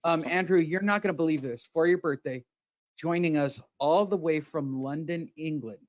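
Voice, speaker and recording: A man's voice: a little high, normal speed, no room sound. A man hosting a boxing podcast, ranting sarcastically with lots of swearing. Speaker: podcast host. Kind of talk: profane casual boxing chat. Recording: dull lo-fi sound.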